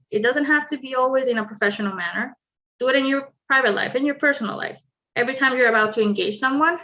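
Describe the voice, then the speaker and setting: A woman leading an online communication skills workshop, explaining clearly and adding light humorous asides. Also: fairly high pitch, pushed and bright. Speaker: workshop presenter. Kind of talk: online training presentation.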